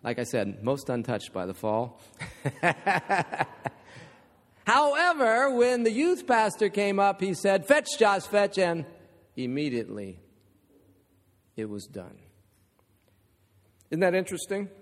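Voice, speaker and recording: A man's voice: high voice, very animated, slow, pauses often. A man preaching a sermon, telling a story with rhetorical questions and humorous asides. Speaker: pastor. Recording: long reverb of a large hall.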